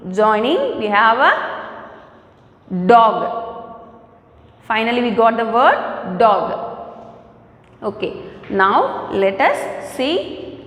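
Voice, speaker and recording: A woman's voice: fairly high pitch, big pitch swings, fairly bright tone. A woman teaching kindergarteners in an online lesson with an Indian English accent, asking the class the same questions again and again. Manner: slow, repetitive questions to the class. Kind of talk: online lesson for young children. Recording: echoey hall, voice from a distance.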